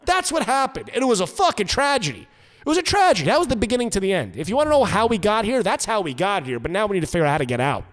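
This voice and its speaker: A man's voice: high voice, very animated, long reverb tail. A man with a New York accent, co-hosting a podcast and ranting profanely for comedy. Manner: loud, fast-ranting, profane. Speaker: podcast co-host.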